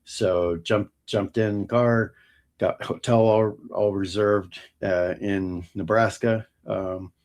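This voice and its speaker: A middle-aged man hosting his own show, talking casually and haltingly with many ums and restarts. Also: on the low side, steady tone, darkish tone. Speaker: podcast host. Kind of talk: casual solo talk.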